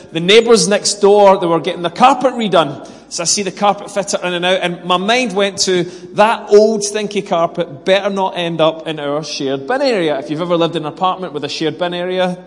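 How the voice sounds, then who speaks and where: A man's voice: sits high, fairly bright tone, in a large hall. A British man preaching a sermon with prayer and personal stories, earnest and self-deprecating, acting out bits of dialogue. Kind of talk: sermon with scripture reading, prayer and personal story.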